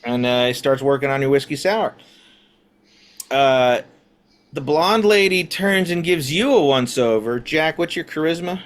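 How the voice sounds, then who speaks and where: Guy running a tabletop game, talks slow, lots of uhs. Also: fairly high pitch, animated. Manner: slow, halting, many "uh" fillers. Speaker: game master.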